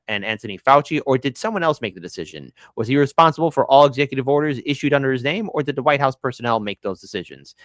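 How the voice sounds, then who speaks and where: A man runs a political commentary show in an exasperated, sarcastic rant and keeps tripping over his own restarts. His voice is bright and forceful, and his pitch leaps and falls all over the place. The sound is dry and close to the mic. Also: no echo. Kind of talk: ranting news commentary.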